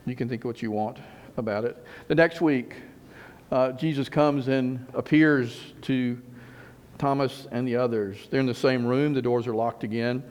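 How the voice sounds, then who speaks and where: A man's voice: medium pitch, steady tone, moderate pace, a little mellow. A middle-aged man preaching a sermon in a conversational way, repeating phrases and rising for emphasis.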